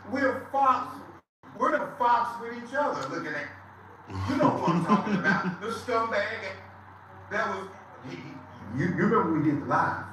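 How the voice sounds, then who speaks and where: A man on a livestream, loudly and mockingly ranting. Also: sits high, moderate pace, a little hiss or hum. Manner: loud, animated, mocking. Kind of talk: casual livestream banter. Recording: very echoey, far from the mic.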